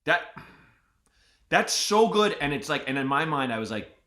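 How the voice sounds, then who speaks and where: A male podcast host telling comic stories in casual chat, jumping into loud put-on voices. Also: fairly high pitch, normal speed. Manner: animated storyteller, jumps into loud put-on voices. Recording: roomy echo.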